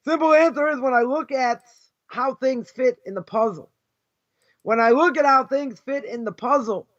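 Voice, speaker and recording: A man with a Boston accent teaches an informal Torah lesson in a strikingly high voice. He argues through rhetorical questions and repeats his points for emphasis. The recording sounds dull and lo-fi. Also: fairly bright tone. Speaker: rabbi teaching a class.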